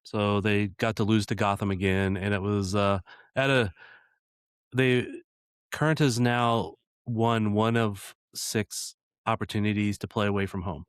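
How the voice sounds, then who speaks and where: Dry, deep-voiced American man. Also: fairly even intonation, unhurried, clean tone, no echo. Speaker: podcast co-host. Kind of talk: casual chat.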